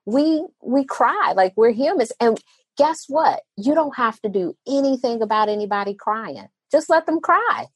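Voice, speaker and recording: A therapist woman speaking as a podcast guest in an animated way, often acting out the voices of people she quotes. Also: a little high, moderate pace, breathy edge, no room sound. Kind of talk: podcast interview conversation.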